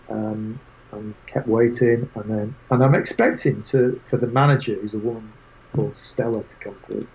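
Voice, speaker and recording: A man as an interview guest, telling lively anecdotes with quoted voices in casual chat. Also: mid-range voice, muffled recording. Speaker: guest photographer.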